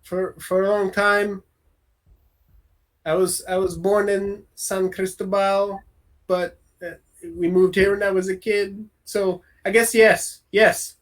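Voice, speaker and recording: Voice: medium pitch, little pitch movement, slow pace, close to an everyday voice. A game master voicing a frightened, stammering man in his forties in a tabletop game. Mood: nervous. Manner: stammering, hesitant.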